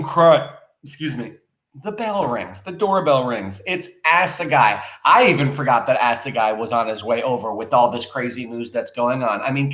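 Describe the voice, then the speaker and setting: A male teacher reading a play aloud and explaining it to his students, in an animated way, speaking straight to the class. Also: mid-range voice, echoey room.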